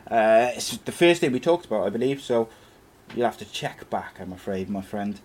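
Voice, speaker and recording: A man's voice: on the low side, lively intonation, moderate pace, a little mellow. A man hosting a live football chat show, chatting with his co-host and reading out viewer questions.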